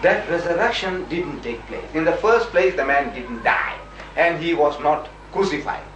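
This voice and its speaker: A man's voice: fairly high pitch, lively intonation, moderate pace, a bit bright. A man arguing his case in a debate, emphatic and argumentative, often acting out the people he quotes. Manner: emphatic, argumentative, acts out voices when quoting. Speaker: religious debater. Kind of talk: lively debate with dramatized quotes. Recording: echoey room, far from the mic, faint noise.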